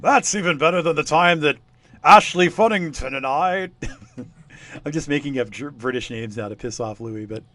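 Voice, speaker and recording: A man's voice: on the high side, expressive, normal speed, bright, forceful tone. Casual male game master. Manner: casual, hesitant, laughs often. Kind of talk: running a tabletop game.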